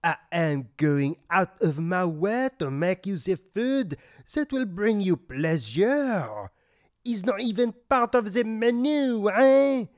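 A woman's voice: big pitch swings, slow, no echo, studio quality, exaggerated voice. Woman doing a fawning French cafe cook. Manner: thick put-on French accent, tags everything with a high "eh?". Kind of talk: comedy sketch acting.

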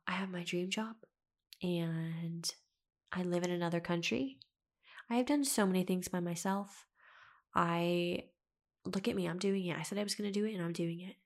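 A woman's voice: fairly low pitch, vocal fry, darkish tone. A young woman hosting a podcast, telling a personal story in a chatty, dramatic way and swearing freely. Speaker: podcast host. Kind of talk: casual storytelling monologue.

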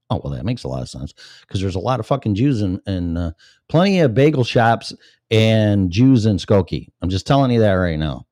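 A man with a fairly low voice reads news aloud and keeps cutting in with sarcastic, foul-mouthed asides. He is from Illinois and hosts his own show, talking bluntly and without polish. The sound is dry and close, with almost no room around it. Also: very animated, a little fast, darkish tone, no room sound. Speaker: podcast host. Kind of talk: reading news with ranting commentary.

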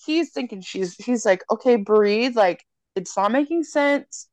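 Casting: young woman, podcast co-host, lively storyteller who swears freely, dry close sound. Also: a little high, a little slow, dry recording. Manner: animated storyteller, swears freely, acts out lines. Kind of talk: casual chat, retelling a horror movie.

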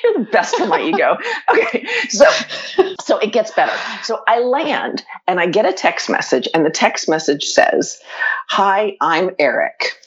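Middle-aged woman, storyteller; husky, swooping delivery, muffled lo-fi sound. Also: medium pitch, normal speed. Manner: animated, laughing, quotes her own thoughts. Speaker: storyteller guest. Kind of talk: casual chat, telling a story.

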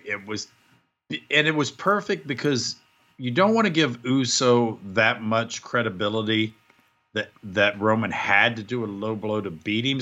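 A man's voice: mid-range voice, sharp tone, muffled recording. A man in casual chat who chimes in with agreement and short opinions.

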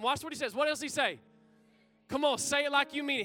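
Fervent high-voiced pastor preaching. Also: male voice, expressive, fast talker, pushed and bright, faint music behind. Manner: fervent, calls out to the congregation. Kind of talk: sermon. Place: church sanctuary.

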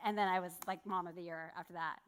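A woman's voice: fairly low pitch, steady tone, quick pace, clean tone. A woman giving a sermon, telling a personal story in a candid, self-deprecating way with laughs. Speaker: church speaker.

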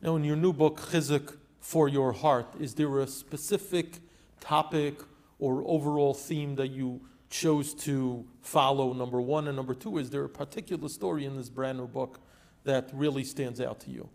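A man hosting an interview, asking measured, polite questions about a book. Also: mid-range voice, steady tone, gravelly, a little mellow. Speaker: interviewer host.

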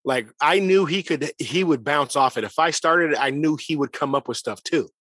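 A man's voice: fairly high pitch, normal speed, a bit bright, no room sound, studio quality. Joking man in casual chat. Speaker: player.

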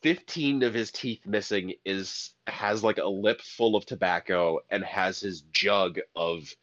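A man's voice: fairly low pitch, unhurried, a bit bright, dull audio. A man co-hosting a podcast, chatting playfully and laughing often. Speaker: podcast co-host. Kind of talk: casual comedic chat.

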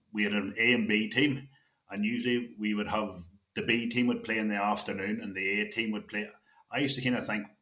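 Guest: low-pitched Northern Irish man, rambling storyteller, echoey room. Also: fairly bright tone. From County Tyrone, Northern Ireland. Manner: rambling anecdotal storyteller, quotes others, laughs often. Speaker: guest, former county footballer. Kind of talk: casual interview chat. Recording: roomy echo.

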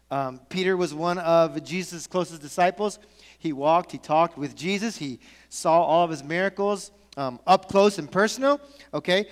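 Pastor guy preaching, kinda high voice, asks the crowd lots of questions, big church echo. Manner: conversational preaching, rhetorical questions, acts out voices. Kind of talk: sermon. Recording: long hall reverb.

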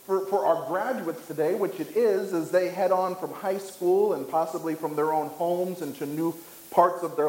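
A man preaching a sermon, emphatic, with dramatic pauses and rising pitch on key points. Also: a little mellow, echoey room, rough recording. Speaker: pastor. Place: church.

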